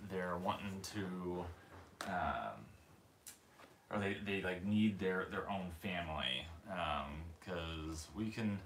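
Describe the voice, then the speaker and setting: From his living room, a man who breeds dogs runs a relaxed livestream, rambling, calling out viewers by name, and switching to a high baby-talk voice to coo at puppies. His voice is a bit bright, the room sounds roomy and echoey, and there's a little hiss or hum.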